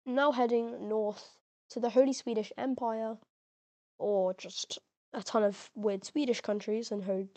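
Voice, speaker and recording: Over a map game, a woman with a dark-toned, fairly high voice gives chatty, slangy commentary as the video's narrator. Fillers pepper her speech, and a crack shows up in her voice from time to time.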